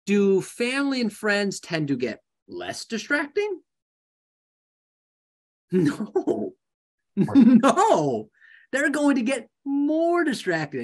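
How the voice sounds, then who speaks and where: A man coaching a live group of real estate agents in a lively, joking way, often acting out conversations. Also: sits high. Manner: animated, jokey, acts out conversations.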